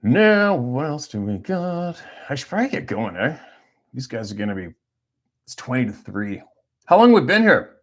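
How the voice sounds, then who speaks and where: A man's voice: mid-range voice, sing-song, moderate pace. A middle-aged man, talking off the cuff on a livestream, rambling and blunt and swearing freely. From Canada. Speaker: hunting guide and livestream host. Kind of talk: casual livestream chat.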